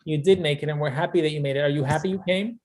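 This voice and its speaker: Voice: mid-range voice, rapid-fire, a little mellow. A person hosting a graduation over a video call, chatty and encouraging, with a teasing streak. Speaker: ceremony host.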